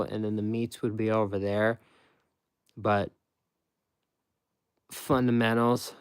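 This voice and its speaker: A man's smooth, fairly low voice describes, in a casual way, how he puts sandwiches together, based on his former sandwich shop job. He's emphatic and goes step by step, with lots of repetition and frequent restarts.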